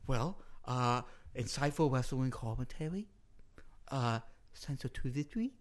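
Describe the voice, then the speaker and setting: A man's voice: medium pitch, lively intonation, unhurried, close to an everyday voice. A man doing a cocky crude wrestling referee. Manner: cocky, crude, bursts into loud sung cries. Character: brash boastful male wrestling referee, impression. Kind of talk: comedy podcast improv bit.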